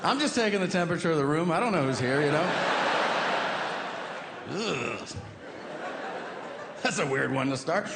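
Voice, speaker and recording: A man's voice: a little high, animated, normal speed, vocal fry, pauses often. A man performing a stand-up comedy set on stage, telling profane stories and acting out the dialogue. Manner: conversational, profane storytelling with acted-out dialogue. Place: comedy stage before a live audience. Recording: live stand-up with loud crowd and room noise. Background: loud audience laughter.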